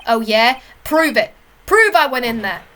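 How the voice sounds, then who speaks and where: A woman voicing a shifty, loud male murder witness who blusters and stammers defensively. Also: on the high side, lively intonation, unhurried, a little hiss or hum. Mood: blustering.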